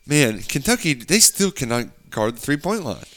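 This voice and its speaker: A man's voice: mid-range voice, big pitch swings, normal speed, a bit bright. A man co-hosting a casual sports podcast, joking and bantering with his partner. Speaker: podcast co-host.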